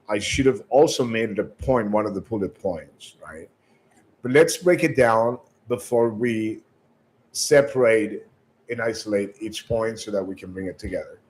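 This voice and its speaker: A sales trainer with a lowish voice gives an instructional talk on sales calls, heard through a low-quality recording. He coaches callers with direct advice, often stumbling over repeated words and checking in with "right?".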